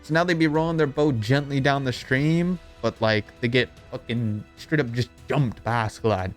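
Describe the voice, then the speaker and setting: A man's voice: medium pitch, normal speed. A young man narrating a comedic anime recap in an irreverent, profane, sarcastic, rambling way. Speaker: video narrator. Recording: voice-over with background music.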